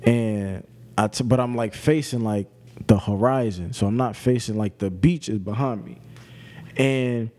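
A man's voice: lowish voice, measured pace, dark tone. A man co-hosting a podcast, telling a story in slangy, laid-back casual chat. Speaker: podcast co-host.

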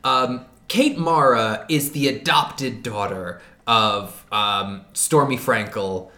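A man's voice: medium pitch, takes it slowly, bright, forceful tone, echoey room. A man co-hosting a casual movie review chat, sarcastic, laughing as he acts out scenes. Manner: sarcastic, laughs while acting out film scenes. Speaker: podcast co-host.

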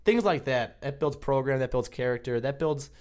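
A man's voice: mid-range voice, normal speed, a little mellow, clear, resonant tone. A young man co-hosting a campus podcast, telling stories casually with frequent restarts. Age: young adult. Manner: rambling storyteller with many restarts. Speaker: podcast co-host. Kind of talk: casual conversation.

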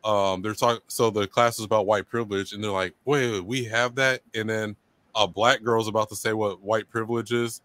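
Low-voiced man telling a story in casual chat. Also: little pitch movement, a little fast, a bit bright. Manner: loose storytelling, acting out quotes.

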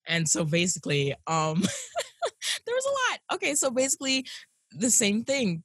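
A woman co-hosting a podcast in casual chat, lively and acting out her own quoted speech. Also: on the low side, dry recording, studio quality. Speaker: podcast co-host.

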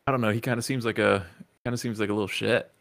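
Young man, low gravelly voice, fast dry delivery. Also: fairly even intonation, a bit bright. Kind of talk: casual chat.

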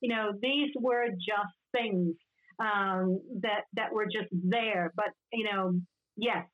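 A woman in casual conversation who talks in a lively way with exasperated asides. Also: medium pitch, takes it slowly. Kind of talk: casual chat about classic TV. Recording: dull lo-fi audio.

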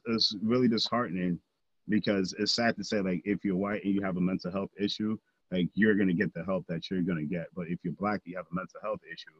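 Husky deep-voiced man, earnest podcast talk. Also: no echo, highs cut off. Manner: earnest, many fillers and restarts. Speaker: podcast co-host. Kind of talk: casual podcast discussion.

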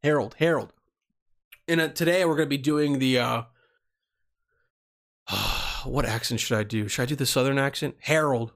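A man hosting a podcast, talking casually, crude and excitable, stammering at times. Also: mid-range voice, normal speed, pauses often. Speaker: podcast host.

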